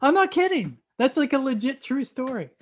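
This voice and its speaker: A man, an actor guest on a podcast, telling a story in a lively, animated way. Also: extremely high pitch, normal speed. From Canada. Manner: animated, loud acted-out storytelling.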